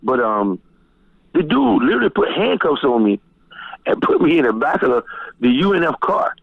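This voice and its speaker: A middle-aged man from Florida, telling stories as a guest DJ in a loose, profane, animated way. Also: normal speed, gravelly, husky, no room sound. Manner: animated, profane, jumps high when quoting people. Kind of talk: casual storytelling interview. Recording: tinny phone-line sound, dry.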